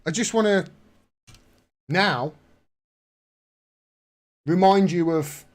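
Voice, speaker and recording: A man's voice: high voice, extremely slow. Indignant man giving raised-voice commentary. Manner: indignant, sarcastic, rising to outbursts. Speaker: commentary vlogger. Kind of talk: casual political commentary.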